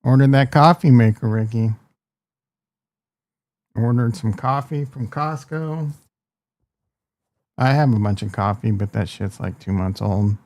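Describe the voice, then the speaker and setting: A man's voice: medium pitch, a little mellow, dry recording. A man hosting a live stream, talking in a crude, joking, rambling way. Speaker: host. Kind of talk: casual live-stream chat.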